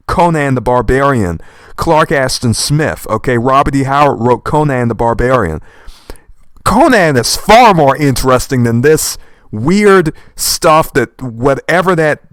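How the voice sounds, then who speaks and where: Young male host, slight lisp, fast and passionate, quaint "-eth" verbs; mid-pitched, close and dry. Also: no echo. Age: young adult. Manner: old-fashioned verb endings like "worketh" and "seemeth"; animated, fast and passionate talker. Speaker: channel host reading a manga aloud. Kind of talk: rambling commentary while reading aloud.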